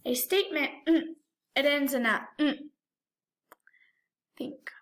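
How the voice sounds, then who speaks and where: A woman's voice: high-pitched, expressive, measured pace, a bit bright. A woman teacher giving a remote lesson to young children, talking directly to them in an encouraging, sing-song way.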